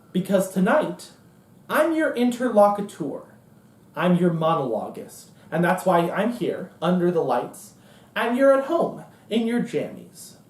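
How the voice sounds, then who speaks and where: A monologuist performing a profane, sarcastic and emphatic stage comedy monologue on a theater stage. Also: mid-range voice. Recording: roomy and distant.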